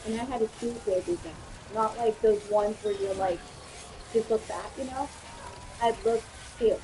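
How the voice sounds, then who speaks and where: A woman streamer chatting casually while she games, telling stories in an animated way, acting out quotes and swearing freely. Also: on the high side, moderate pace, background noise. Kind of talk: casual chat while gaming.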